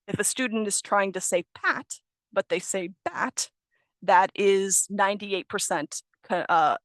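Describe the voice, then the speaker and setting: A woman's voice: mid-range voice, fairly bright tone, no room sound. Woman, young adult, ESL trainer, explanatory, self-correcting, dry recording. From United States. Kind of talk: online teacher training presentation. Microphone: video call.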